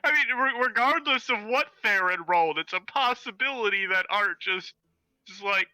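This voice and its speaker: A man playing a tabletop game, rambling and poking fun at himself. His voice sits high and sounds very bright. The recording is dry and close. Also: expressive, moderate pace, no echo, poor audio. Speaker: player.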